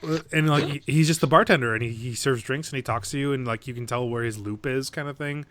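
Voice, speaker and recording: With slight background noise behind him, a medium-pitched man talks quickly on a podcast, where he co-hosts. He's animated and casual as he retells a movie, swearing liberally and acting out its lines.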